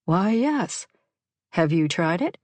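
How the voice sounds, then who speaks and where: A genial married man out for dinner, read by a woman narrator, polite and easygoing in every line. The voice is kept close to the narrator's own low register, with a dry, close recording. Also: big pitch swings, slow, a little mellow, no room sound, exaggerated voice. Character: courteous married man, a pleasant diner.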